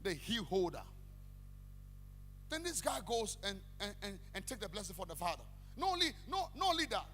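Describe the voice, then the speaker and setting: A man preaching a sermon, animated, breaking into shouted sing-song calls to the congregation. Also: high voice, moderate pace, faint music behind. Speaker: pastor. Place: church hall. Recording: echoey church hall with faint hum.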